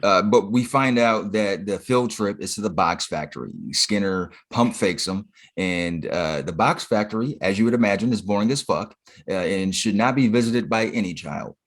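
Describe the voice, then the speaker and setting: A man's voice: lowish voice, moderate pace. A man co-hosting a podcast, recapping in laid-back, profane casual chat with plenty of fillers. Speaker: podcast co-host.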